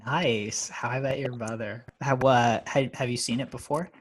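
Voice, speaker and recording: A man's voice: mid-range voice, steady tone, slight background noise. Guy hosting a chill podcast, laughs a lot, stumbles and restarts. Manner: laughs often, halting restarts. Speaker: podcast host. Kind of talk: casual podcast interview.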